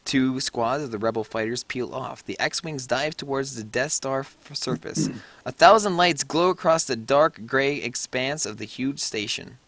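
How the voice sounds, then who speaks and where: A man's voice: mid-range voice, fairly bright tone, dry recording. A man reading the stage directions aloud in a casual script read-through, stumbling over words now and then. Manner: reads haltingly, stumbles on words.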